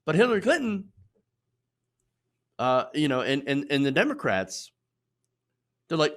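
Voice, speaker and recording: Animated, sarcastic male commentator. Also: mid-range voice, moderate pace, long pauses. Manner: emphatic, sarcastic, repeats for emphasis. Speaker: political commentary host. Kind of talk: opinion commentary.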